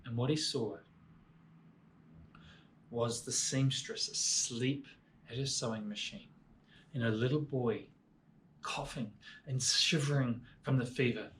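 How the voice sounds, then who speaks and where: Expressive New male storyteller. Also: mid-range voice, slow pace, pauses often, a little hiss or hum. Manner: expressive, swings from lively to hushed. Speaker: children's ministry storyteller. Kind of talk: children's storytelling.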